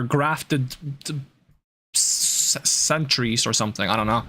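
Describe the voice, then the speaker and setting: A man streams a video game, his voice medium in pitch, slow, bright and forceful. He jokes playfully, teases the enemies and chats to himself as he plays, giving live gameplay commentary.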